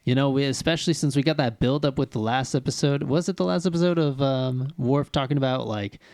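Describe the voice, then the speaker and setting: A man's voice: mid-range voice, brisk, darkish tone, no echo. A man co-hosting a podcast in casual chat, easygoing, laughing often and rambling through his thoughts. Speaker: podcast co-host.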